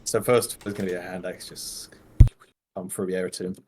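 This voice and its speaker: A man's voice: deep voice, level tone, brisk, slight background noise. A man playing a tabletop role-playing game, eagerly describing his attacks with chuckles. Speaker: player.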